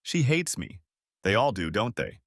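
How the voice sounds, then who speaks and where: A man's voice: lowish voice, sing-song, unhurried, a bit bright, husky, no echo, studio quality, exaggerated voice. A man reading the lines of a broken, remorseful middle-aged ex-wife in an audiobook story, with his voice raised a little for her. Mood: sad.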